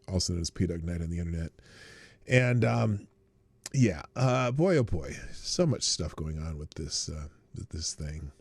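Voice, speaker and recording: A middle-aged man from Nebraska hosting a live morning stream, rambling casually and breaking into loud excited outbursts. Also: medium pitch, dry recording.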